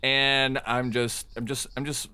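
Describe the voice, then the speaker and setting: A middle-aged man co-hosting a podcast, wry and self-deprecating, talking haltingly with many fillers. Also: mid-range voice, flat delivery, bright, forceful tone, smooth, no room sound. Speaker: podcast co-host. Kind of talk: casual chat. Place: Chicago.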